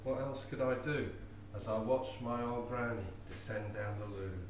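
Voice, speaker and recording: Before an audience at a live venue, a male poet performs comic verse with a rhythmic, playful delivery. His mid-range voice is steady at normal speed, picked up from far off in an echoey room with faint ambience and a little hiss or hum.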